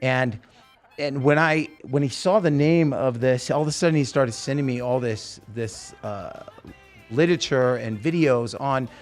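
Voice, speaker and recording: This is a man hosting a podcast in a loose, casual chat. He tells his stories in a rambling, animated way, starting over often and piling up asides. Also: mid-range voice, normal speed, faint music behind. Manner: rambling, animated storyteller with many restarts. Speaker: podcast host.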